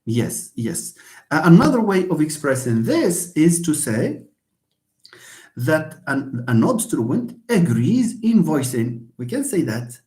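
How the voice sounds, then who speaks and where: A man's voice: on the high side, sing-song, slow pace, darkish tone. A man giving a university linguistics lecture, hesitant, with many fillers and restarts. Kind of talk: lecture reviewing phonology. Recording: echoey room.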